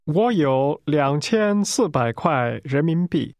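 A man with a gravelly voice modeling phrases for a language course, carefully enunciated. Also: on the high side, expressive, takes it slowly, a little mellow, no echo. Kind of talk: slow model pronunciation.

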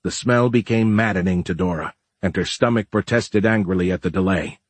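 A man reads an audiobook with a low, husky voice in a steady, even manner. The recording is dry and close, with no room sound. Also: fairly quick, dry recording. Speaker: narrator. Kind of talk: audiobook narration.

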